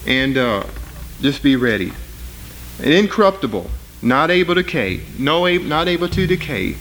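A man preaching a sermon, reading scripture with rising force and then explaining it in plain, halting talk. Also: big pitch swings, a bit bright, a little hiss or hum, poor audio. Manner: rises in pitch and volume reading scripture aloud; plain spoken, with fillers and restarts between readings.

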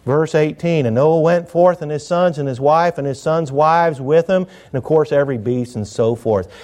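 A middle-aged man preaches a sermon with a slightly high-pitched voice. He tells it in a folksy, joking manner, pressing hard on some lines and dropping to quiet asides on others. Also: normal speed. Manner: folksy, jokey, swings between loud emphasis and quiet asides.

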